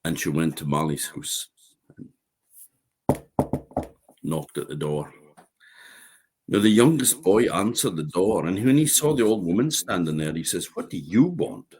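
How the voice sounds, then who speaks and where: A man with an Orkney accent telling a folk tale in a lively, animated way. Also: low voice, a little slow, pauses often, background noise. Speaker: storyteller.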